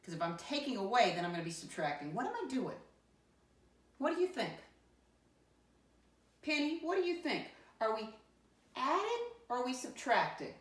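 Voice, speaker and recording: A woman teacher leading a first-grade lesson, encouraging and spelling words out slowly letter by letter. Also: fairly high pitch, big pitch swings, fairly bright tone. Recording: echoey room, voice from a distance.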